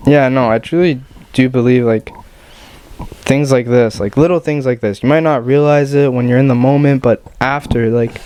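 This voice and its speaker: A man's voice: medium pitch, fairly even intonation, moderate pace, dark tone, slight background noise. A man in his twenties co-hosting a podcast, chatting casually and agreeably. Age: 20s. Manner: agreeable, affirming backchannels. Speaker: podcast co-host. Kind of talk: casual chat.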